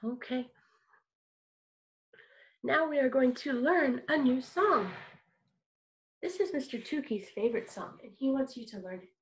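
A woman's voice: high voice, expressive, unhurried, long pauses. A woman teaching a kindergarten music lesson online, talking to small children in a cheerful, encouraging way and keeping her words simple.

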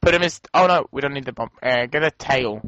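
A young man playing a video game with a friend, chatting casually, excitable and swearing as he cheers the game on. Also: medium pitch, quick pace, dry recording. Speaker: game co-player. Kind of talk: casual let's-play chat. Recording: dull lo-fi dry home recording.

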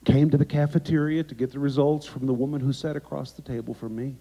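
A man preaching as a guest by video and telling a story dramatically, swinging from emphatic lines down to hushed ones. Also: medium pitch, fairly even intonation, fast talker. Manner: dramatic, emphatic, with sharp drops to quiet. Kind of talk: sermon storytelling. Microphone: remote video recording. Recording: echoey, dull lo-fi sound.

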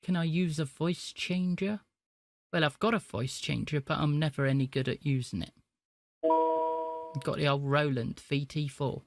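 A man's voice: a little high, steady tone, moderate pace, vocal fry, no echo. A man live-streaming, chatting to viewers and prank-calling scammers. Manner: chatty, talks to chat between calls.

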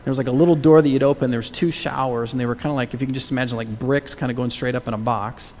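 A middle-aged male pastor preaching a sermon, animated, moving between loud calls and hushed whispers and prompting the congregation to say words aloud. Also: medium pitch, fast, slight background noise. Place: church sanctuary. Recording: long church reverb.

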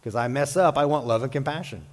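A male pastor preaching a sermon in a church, animated and jokey with playful asides. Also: mid-range voice, fast, in a large hall. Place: church sanctuary.

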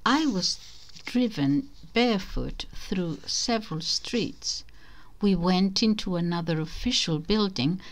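A woman reading a short story aloud in the first person, slow and measured. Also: on the low side. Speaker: reader.

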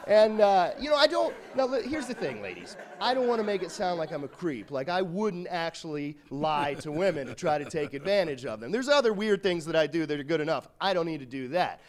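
A man's voice: on the high side, big pitch swings, fairly quick, hardly any pauses. A male comedian telling rambling, self-deprecating stories in a stand-up routine.

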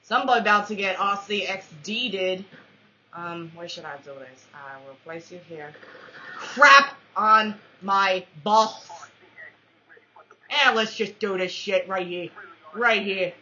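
A woman commentating her own shooter match, with playful trash talk, mock-formal quips and excitable yelps. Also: mid-range voice, slow. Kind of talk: let's-play commentary. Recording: dull lo-fi recording.

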